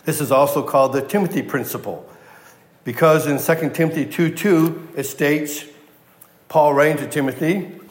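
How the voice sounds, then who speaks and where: A man's voice: on the high side, normal speed. Preaching man in an echoing hall. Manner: emphatic, repeats key words, asks the audience questions. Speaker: pastor. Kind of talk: sermon. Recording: echoey hall reverb.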